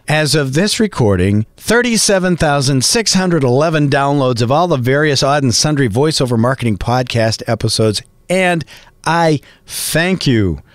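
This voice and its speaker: A middle-aged male podcast host who rambles along in a lively, up-and-down voice that sits a touch high. The sound is dry and close, with no room around it. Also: no echo. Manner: chatty, rambling, animated. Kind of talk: casual podcast monologue.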